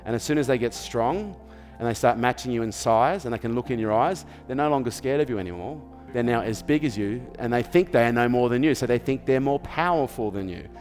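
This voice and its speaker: A man's voice: mid-range voice, expressive, fairly quick, few pauses, darkish tone, big-room sound, faint music behind. An Australian man speaks in a firm motivational style, his voice sitting in an ordinary middle register. He repeats key phrases for emphasis and keeps checking that the listener is following. It sounds like an interview where he hands out advice as a coach. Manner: emphatic, repetitive, asks "okay?" and "does this make sense?". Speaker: business coach sharing parenting advice.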